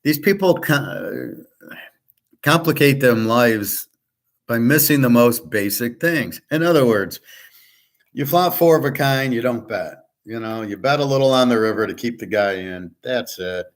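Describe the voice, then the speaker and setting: A man's voice: medium pitch, lively intonation, measured pace. A man talks alone in a loose, rambling monologue, blunt and sarcastic, dropping curses and restarting his sentences. His voice sits in an ordinary middle range. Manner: opinionated, sarcastic. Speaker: host giving market and poker tips. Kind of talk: casual solo monologue.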